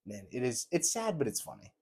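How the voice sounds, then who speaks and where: A young man hosting a casual commentary video, sarcastic and animated as he reacts to messages and mocks them. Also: mid-range voice, creaky, husky.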